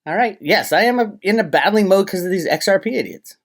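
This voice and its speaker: Speaking slightly fast in a high voice with lively intonation, this man, who runs a crypto commentary channel, delivers a ranting monologue to his audience. He's agitated throughout, full of sarcasm and swearing.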